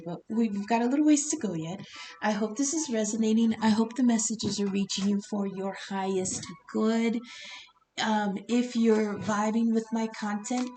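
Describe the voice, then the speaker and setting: A woman's voice: medium pitch, mellow, slight background noise, low-quality recording. A woman giving a casual tarot reading on her own channel, talking in a rambling, conversational way and swearing now and then. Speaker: tarot reader.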